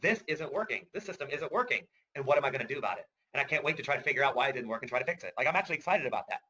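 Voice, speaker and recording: A middle-aged man leads a webinar at a quick clip, eager and talkative, tossing in "right?" and little laughs. His voice is bright and pushing forward. The audio is a bit dull and lo-fi, like a computer mic. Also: medium pitch, lively intonation, breathy edge. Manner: enthusiastic, chatty, keeps asking "right?" and laughing. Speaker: trading course instructor. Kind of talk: webinar presentation.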